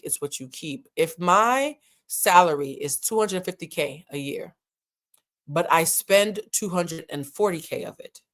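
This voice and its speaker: A woman hosting a reality TV recap, chatting frankly in casual, slangy commentary. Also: deep voice. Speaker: host of a reality TV recap show.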